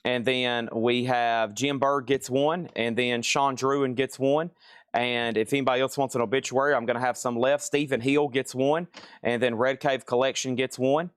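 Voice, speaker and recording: A middle-aged man hosting a live record sale stream, listing items and calling bids in a brisk, casual patter from a record store. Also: mid-range voice, fairly even intonation, clean tone, dry recording, clean studio sound. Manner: brisk auctioneer-style listing, casual asides. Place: record store with crates and tables.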